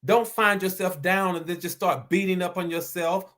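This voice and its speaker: A man with a Southern accent and a high voice speaks to his live-stream audience as host. He is earnest and repeats each main point slowly so that it sinks in. Now and then he reads out and thanks comments from the chat. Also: sharp tone. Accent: Southern American. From American South. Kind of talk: motivational live-stream talk.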